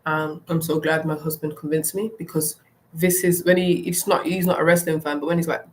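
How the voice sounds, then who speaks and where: A woman's voice: low voice, little pitch movement, brisk, slight background noise. A young woman ranting bluntly and with animation, delivering solo wrestling commentary. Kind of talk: opinionated solo rant.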